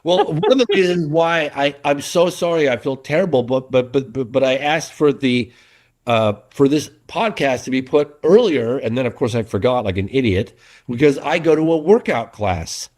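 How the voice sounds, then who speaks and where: A middle-aged documentary filmmaker chatting as a guest in an interview, an animated and earnest storyteller. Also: male voice, medium pitch, normal speed. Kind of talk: casual interview chat.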